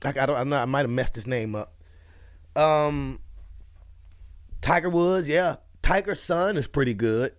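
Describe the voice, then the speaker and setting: A man's voice: mid-range voice, a little slow, pauses often. A man casually reacting to comedy clips, rambling and laughing along. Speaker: reaction video host.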